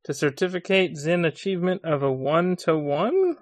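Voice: medium pitch, expressive, moderate pace, no room sound. Podcast co-host, dry and playful, close dry recording. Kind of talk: casual podcast banter.

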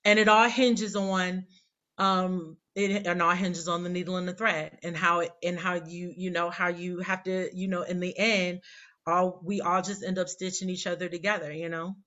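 Bright-voiced woman in her forties, candid. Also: on the low side, little pitch movement, moderate pace, dull audio. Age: 40s. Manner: candid, rambling, self-deprecating storyteller. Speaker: poet guest. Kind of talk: casual interview chat.

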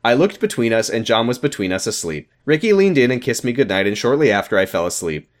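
Playful podcast man, lively voice. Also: medium pitch. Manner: playful, reading comments aloud, quick laughs. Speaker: podcast co-host. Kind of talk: comedic podcast reading of an interactive story.

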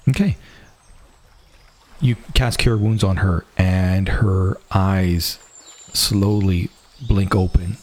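A man with a low, husky voice runs a tabletop game as its game master. He narrates scenes in an unhurried, drawn-out way and often restarts his phrases as he goes. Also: steady tone, a little mellow.

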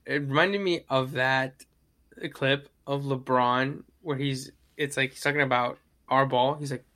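A man's voice: medium pitch, fairly even intonation, measured pace, pushed and bright. A man talking basketball in a loose, rambling, profane way, often mimicking people. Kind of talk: casual sports chat.

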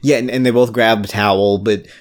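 A man's voice: lowish voice, steady tone, brisk. A man co-hosting a casual podcast chat, trading dry jokes about a TV episode. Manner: dry, jokey banter. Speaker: podcast co-host.

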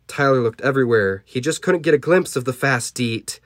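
A man's voice: medium pitch, brisk, dry recording. A man hosting a podcast, playfully reading a children's story aloud with sound effects, recorded in a small closet. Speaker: podcast host.

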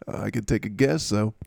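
A man hosting a casual podcast, loose and rambling, joking at his own expense. His voice has a steady gravelly fry, recorded close and dry with no room sound. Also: mid-range voice, no echo. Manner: rambling, jokey, self-mocking. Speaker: podcast host. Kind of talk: casual chat.

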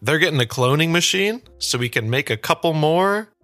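A young man co-hosting a casual sports podcast, making wry, deadpan jokes. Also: on the high side, normal speed, dry recording, soft background music. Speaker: podcast co-host.

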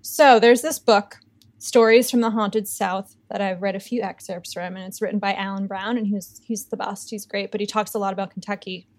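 A woman's voice: mid-range voice, fairly even intonation, moderate pace, no echo. A woman co-hosting a podcast, telling a ghost story in a chatty, joking way. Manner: chatty, filler-heavy, joking asides. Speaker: podcast co-host.

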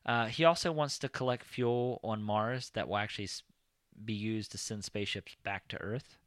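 A man's voice: fairly low pitch, moderate pace, fairly bright tone, no room sound, clean studio sound. A man hosting a casual podcast, rambling through news with many ums and uhs. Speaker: podcast host. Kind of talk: casual chat.

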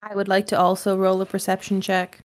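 A woman's voice: mid-range voice, monotone, a little fast. A woman chatting playfully as a player in a tabletop game. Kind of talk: casual play chat.

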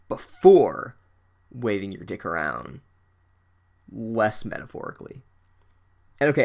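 Man, comedy recap, sarcastic, profane, deadpan asides, loud incredulous outbursts. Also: mid-range voice. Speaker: podcast host recapping a book.

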